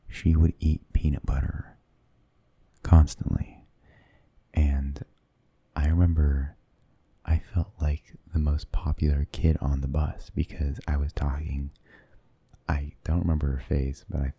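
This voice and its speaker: Soft-spoken and slow, this man tells meandering, hesitant stories ASMR-style, frequently slipping into close-mic whispers. His extremely deep voice sounds dark and husky with a gravelly edge, and the recording is dry.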